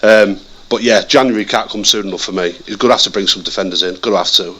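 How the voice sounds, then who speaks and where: Man, low voice, bright tense tone, casual football podcast chat, animated, restarts sentences. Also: fast. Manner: animated, repeats words and restarts often. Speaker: podcast co-host, Leeds fan.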